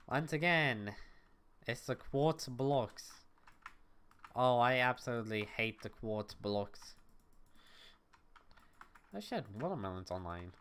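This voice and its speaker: Young streamer, smooth clear voice, chatty, thinking out loud, talking to chat from home. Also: mid-range voice. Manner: chatty, thinks aloud, talks to viewers. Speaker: livestreamer. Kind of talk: casual gaming stream chat. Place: at home, neighbors next door.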